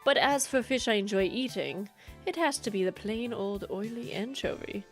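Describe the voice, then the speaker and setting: A woman reading the lines of a thoughtful, refined fabric designer in a measured, gently formal way. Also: medium pitch, animated, faint music behind, natural voice. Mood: musing.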